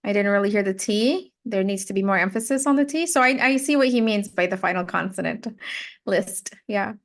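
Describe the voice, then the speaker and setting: Patient woman pronunciation tutor. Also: medium pitch. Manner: patient, explanatory, models words and sentences slowly. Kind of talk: giving spoken feedback in a one-on-one lesson.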